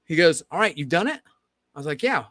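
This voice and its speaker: A man co-hosting a podcast tells a long story in easy conversation, slipping into the voices of the people he quotes. His voice sits a touch higher than usual for a man, and the recording is dry and close. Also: quick pace, no room sound. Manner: animated, acts out quoted dialogue. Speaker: podcast co-host. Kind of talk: casual storytelling chat.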